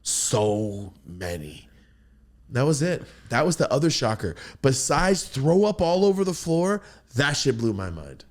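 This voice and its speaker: A man casually telling a profane story, jumping into quoted voices. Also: unhurried. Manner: animated, profane, jumps into high-pitched quoted voices.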